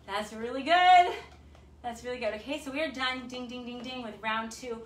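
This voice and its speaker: A woman's voice: a little high, steady tone, fairly quick, fairly bright tone, slight background noise. A woman fitness instructor, out of breath, counting reps aloud and cheering viewers on through a bodyweight workout in her home garage. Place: un-air-conditioned home garage. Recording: echoey garage, mic at a distance.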